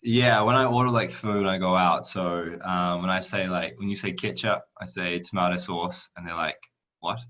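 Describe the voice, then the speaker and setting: A young man with a New Zealand accent, chatting casually as an interview guest, relaxed and full of fillers. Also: low-pitched, moderate pace, hardly any pauses. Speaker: soccer player guest. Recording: dull lo-fi sound.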